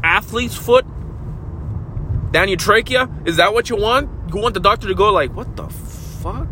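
A man hosting a rambling solo podcast while driving, talking crudely and swinging from shouts to mumbles. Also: high-pitched, normal speed. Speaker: podcast host. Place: inside a car. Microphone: phone held to face. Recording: faint road noise in a car.

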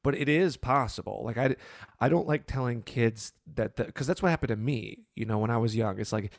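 A man's voice: medium pitch, fairly quick, creaky, no room sound, clean studio sound. A man hosting a podcast, telling stories in casual chat, swearing and stammering on restarts.

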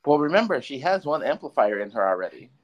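A man's voice: medium pitch, sing-song, quick pace, dull audio. A man co-hosting a casual recap podcast, laid-back, giving short replies and stumbling over names. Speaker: podcast co-host.

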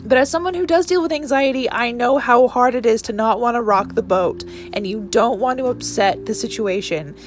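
A woman in her twenties talks through a casual solo episode of her own podcast, earnest and emotional, rambling and restarting often. Her voice is fairly high, her speed normal, and she barely pauses. There's slight background noise.

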